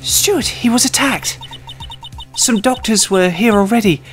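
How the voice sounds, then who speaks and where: A man voicing a worried middle-aged rabbit mother in a high, anxious put-on voice. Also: unhurried, a bit bright, soft background music.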